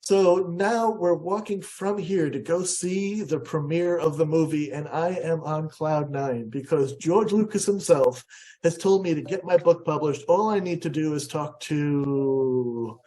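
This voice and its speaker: An American man giving a storytelling presentation, animated and jumping up high in pitch when he acts out what people said. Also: a little slow. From USA. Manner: animated, acts out quotes with big pitch jumps. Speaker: guest speaker.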